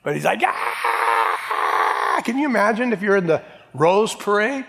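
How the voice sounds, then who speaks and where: A man's voice: high voice, expressive, a little fast, vocal fry, fairly bright tone. A man preaching a sermon, reading scripture aloud and acting out its voices with dramatic swings. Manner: dramatic, acts out Bible voices. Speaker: pastor. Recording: long hall reverb.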